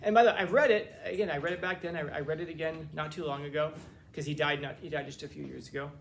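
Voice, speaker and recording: A man lecturing a class in a loose, chatty way, full of wry jokes and restarts. His voice sits slightly high for a man. A faint hiss runs under the recording. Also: steady tone, fast talker, creaky. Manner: conversational, joking asides, many restarts. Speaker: teacher.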